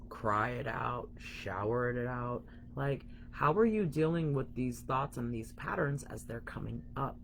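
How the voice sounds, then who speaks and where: A woman's voice: sits low, slight background noise. A young woman coaching viewers in a frank, emphatic live-stream talk, swearing casually and calling them guys. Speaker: spiritual coach.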